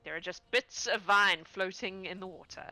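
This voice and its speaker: A woman narrating as game master of a tabletop game, lively and quick to laugh. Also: mid-range voice, soft background music. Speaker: dungeon master.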